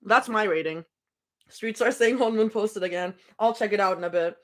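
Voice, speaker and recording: A woman's voice: mid-range voice, normal speed. A young woman streaming from home, chatting casually and rambling between snacks during a live reading. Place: home room.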